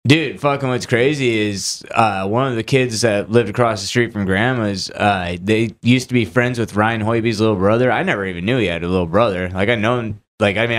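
A man chatting on a podcast, swearing casually and chiming in with quick reactions and short memories. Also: lowish voice. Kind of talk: casual chat.

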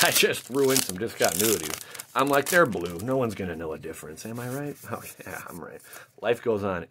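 A man hosting his channel, chatting casually while opening card packs, rambling and jokey with sudden excited outbursts. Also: on the low side, husky.

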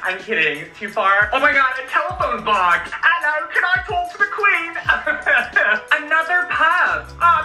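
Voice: high-pitched, bright, forceful tone, exaggerated voice. Someone playing a giddy gushing tourist. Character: gushing American tourist visiting London. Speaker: comedy sketch performer. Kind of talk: comedic sketch. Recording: roomy clip with music under it.

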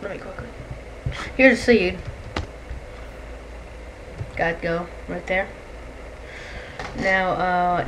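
A woman giving casual gameplay commentary, excitable and chatty, yelling and shrieking when monsters attack and chatting to the creatures. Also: fairly low pitch, slow, pauses often, background noise. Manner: excitable, shrieks and yells at enemies; chatty, talks to game creatures. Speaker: let's play gamer.

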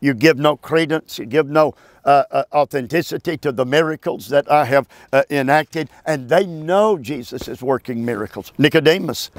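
A man teaching a Bible passage verse by verse, emphatic and preacherly, with halting restarts and calls for amen. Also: fairly high pitch, dry recording.

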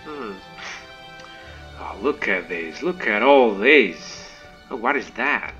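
A man giving chatty, excitable gameplay commentary as a let's play host, humming little tunes to himself as he goes. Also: on the low side, takes it slowly, highs cut off, faint music behind.

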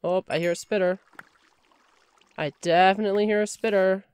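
A woman's voice: medium pitch, fairly even intonation, normal speed, a little mellow, clean tone. A woman giving chatty let's play commentary, talking to in-game items and shrieking when startled. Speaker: gamer.

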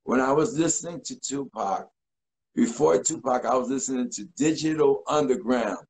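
A man in his forties, a guest in a casual interview, telling stories in an animated way and acting out quotes. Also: mid-range voice, moderate pace, rough recording. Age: 40s. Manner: animated, acts out voices and quotes.

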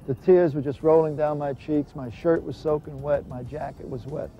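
A man's voice: on the high side, fairly even intonation, moderate pace, faint music behind. A man giving an earnest, emphatic personal testimony. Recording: dull lo-fi recording with faint hiss.

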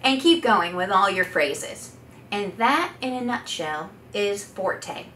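A voice therapist with an expressive, medium-pitched voice takes it slowly as she coaches an exercise demo, demonstrating each drill with loud, sustained vowels. The recording sounds echoey, with faint background noise.

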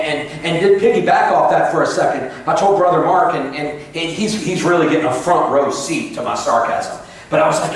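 A man preaching a sermon, talking to the congregation in a conversational, sometimes sarcastic way and reading scripture slowly. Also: mid-range voice. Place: church sanctuary. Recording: echoey church sanctuary, mic at a distance.

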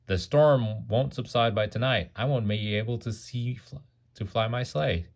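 A man's voice: medium pitch, normal speed, lightly acted. A man voicing a kindly old Santa Claus while reading a bedtime storybook aloud. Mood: eager.

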